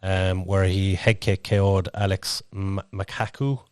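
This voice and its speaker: A man's voice: low voice, level tone, measured pace, dry recording, clean studio sound. A man co-hosting a podcast, chatting casually in a rambling way with lots of fillers. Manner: rambling, filler-heavy storytelling. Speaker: podcast co-host and interviewer.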